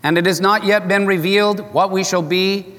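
An older man preaches, easing into a story in a warm-hearted, conversational way. His voice sits a little high for a man, and a long reverb trails behind each phrase. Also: steady tone, normal speed. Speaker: pastor. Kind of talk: sermon with storytelling.

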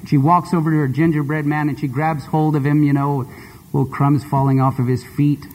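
A male preacher giving a sermon and telling a story in an expressive, conversational way. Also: on the high side, brisk. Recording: long hall reverb.

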